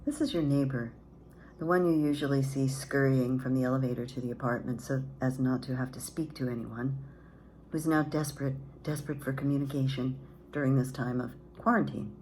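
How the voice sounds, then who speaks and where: A woman's voice: a bass voice, fairly even intonation, brisk, darkish tone, slight background noise, rough recording. An older woman at home reading her own stories aloud, with wry, self-mocking asides. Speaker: storyteller. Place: apartment at home.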